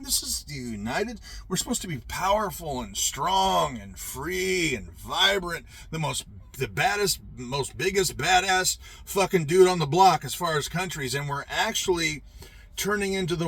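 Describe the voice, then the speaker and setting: Man, husky voice, lively swooping pitch, profane rambling rant. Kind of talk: rambling monologue.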